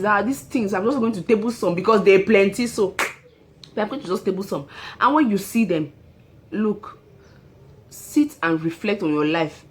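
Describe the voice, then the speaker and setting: A woman hosting her own show, giving relationship advice in an emphatic monologue and repeating her key phrases. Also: medium pitch.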